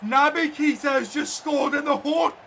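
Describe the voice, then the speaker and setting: A man playing a football video game and commentating on it for his viewers, excitable and quick to shout at the play. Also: extremely high pitch, slight background noise. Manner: talks to viewers as guys and lads. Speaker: gaming YouTuber.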